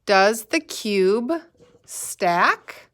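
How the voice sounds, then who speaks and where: A woman's voice: mid-range voice, expressive, a bit bright. A woman teaching a kindergarten math lesson, speaking patiently and asking the children to repeat words after her. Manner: slow, patient, sing-song prompting for children to repeat. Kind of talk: recorded remote lesson.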